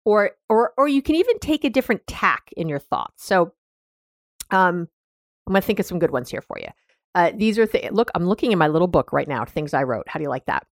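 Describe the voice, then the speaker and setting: A woman's voice: lowish voice, big pitch swings, a little fast, no echo, studio quality. A woman hosting a self-help podcast, chatting casually, often laughing and restarting her thoughts. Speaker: podcast host.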